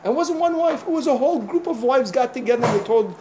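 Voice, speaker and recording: A man's voice: very high-pitched, fast talker, slight background noise. A man, a rabbi, giving an informal sermon, telling stories in a conversational way with many "you know" asides and acting out what people said. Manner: animated storyteller, acting out conversations.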